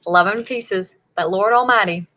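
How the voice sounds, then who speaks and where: Bright-voiced chatty woman streamer. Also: medium pitch, normal speed. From Northern Virginia, USA. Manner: chatty, reacts to chat messages, laughs often. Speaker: livestream host of writing sprints. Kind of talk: casual chat with viewers.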